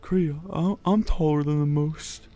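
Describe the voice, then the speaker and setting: Man voicing a tall desert healer, eager, excited, stumbling restarts, high voice, with faint background music. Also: unhurried, natural voice.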